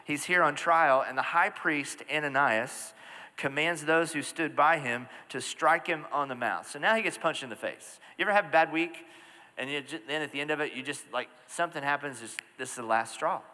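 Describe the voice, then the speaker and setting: A middle-aged man preaching in a big church hall, his bright, forward voice carried by a long reverb. He tells stories in an animated way and turns to the congregation with quick asides. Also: a little high. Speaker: pastor. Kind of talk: sermon.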